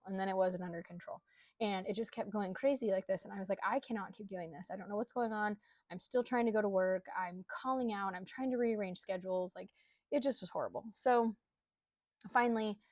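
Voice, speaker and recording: A young adult woman recounts her own experience in a relaxed, conversational vlog manner, sprinkling in ums and likes. Her voice sits at an ordinary middle pitch, and the recording is dry and close with no room echo. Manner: candid, conversational, with frequent um and like. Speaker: coach. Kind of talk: personal storytelling vlog.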